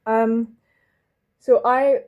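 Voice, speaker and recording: A woman's voice: on the high side, flat delivery, drawn-out words, lo-fi sound. A young woman from London with a Northern Irish accent, chatting casually while she does her makeup, rambling, interrupting herself and swearing now and then. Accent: Northern Irish, Belfast. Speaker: vlogger.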